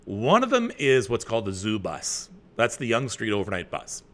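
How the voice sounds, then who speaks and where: A middle-aged man from Canada hosting a live chat, reading viewer comments with loud bursts and quiet asides. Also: fairly low pitch, wildly swooping pitch, moderate pace, slight background noise. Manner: chatty, with many fillers and restarts. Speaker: host.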